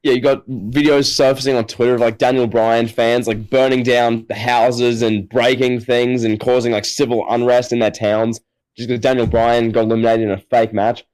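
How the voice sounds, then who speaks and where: A man's voice: mid-range voice, level tone, normal speed, a little mellow, rough recording. A man co-hosting a podcast, spinning an over-the-top story in casual, hyperbolic chat. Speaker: podcast co-host.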